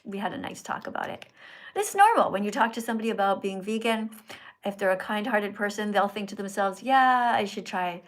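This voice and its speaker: A woman hosting a live stream from her phone, talking earnestly and in a preachy, teacherly way to her viewers. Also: mid-range voice. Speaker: livestream host. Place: indoors in Italy.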